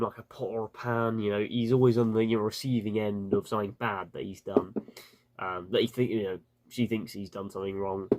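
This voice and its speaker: A man giving a casual, rambling spoken review, full of fillers and restarts. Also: on the low side. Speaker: video reviewer.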